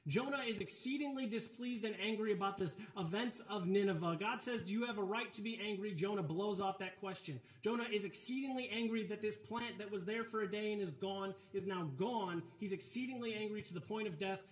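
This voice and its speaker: A man's voice: high-pitched, brisk, few pauses. A male pastor preaching a sermon in a conversational style, with relatable asides and casual filler words. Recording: roomy, echoey hall.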